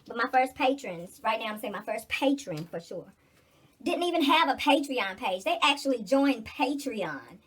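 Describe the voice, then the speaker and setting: A woman's voice: fairly high pitch, lively intonation, moderate pace, husky. A middle-aged woman in casual get-ready-with-me chat, blunt, preachy and full of cursing. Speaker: vlogger.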